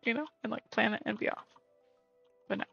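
A woman's voice: a little high, fairly quick, gravelly. A woman streaming a game, chatting casually and muttering to herself, sometimes dropping to a whisper. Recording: slightly muffled lo-fi stream audio. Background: faint game music.

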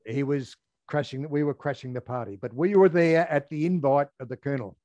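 An older Australian man, a former air force firefighter, telling a story in an interview, halting with many ums and restarts. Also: mid-range voice, darkish tone, no echo.

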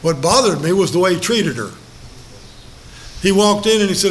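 A man's voice: high voice, animated, normal speed, a little hiss or hum. An older man leading a Bible study in a folksy, storytelling way, joking with the group and acting out quotes. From Los Angeles.

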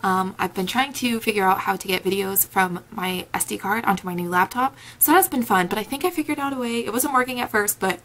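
A woman's voice: medium pitch, a little fast, few pauses, fairly bright tone. A young woman chatting casually in a reading vlog from home, giggly and gushing, on a camera mic. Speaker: book vlogger.

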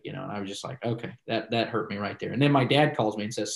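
Low-voiced pastor telling a story. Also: male voice, fast talker, gravelly, hardly any pauses, poor audio. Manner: rambling, many "you know" asides, acts out quoted dialogue. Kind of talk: casual interview storytelling.

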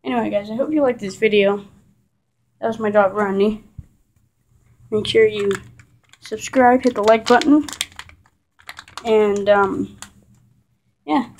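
A woman's voice: medium pitch, measured pace, long pauses, a little hiss or hum. Chatty young female home vlogger. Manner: chatty, rambling, breaks off to scold the dog loudly. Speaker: vlogger showing her dog. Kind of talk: casual home vlog. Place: living room of a house. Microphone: handheld camera, filmed one-handed.

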